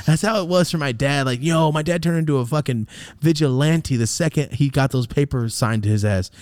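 A young man hosting a podcast, telling a personal story in casual chat, animated, jumping from loud high bursts to low mutters. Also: fairly quick, dry recording. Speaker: podcast host.

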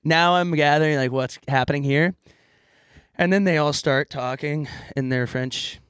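A man's voice: a little high, moderate pace, smooth, dry recording, studio quality. A young man from California, co-hosting a podcast in casual chat, telling stories with put-on voices. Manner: animated storyteller, puts on voices for the people in his story. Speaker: podcast co-host.

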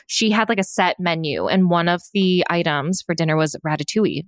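A woman's voice: fairly low pitch, fairly quick, dry recording, clean studio sound. A young woman in her twenties chatting casually as a podcast co-host, rambling and giggling, with lots of "like"s. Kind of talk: casual chat.

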